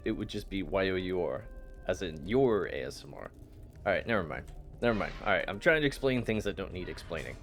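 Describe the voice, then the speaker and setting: A man streaming a game, chatting casually with his chat, playful and teasing, often laughing and stammering. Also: lowish voice. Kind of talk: casual live-stream chat while gaming.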